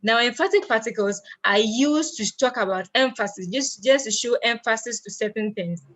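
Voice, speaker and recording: A woman's voice: on the high side, normal speed, a bit bright. A woman teaching an online language lesson, explaining step by step and answering her own questions as she goes.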